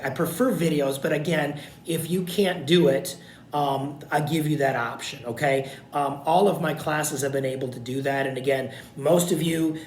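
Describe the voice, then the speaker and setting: A man recording a video lecture for his college class, talking informally and checking in with "okay?" again and again. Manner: repetitive, informal, frequent "okay?" check-ins. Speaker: college instructor. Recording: echoey room with faint rumble.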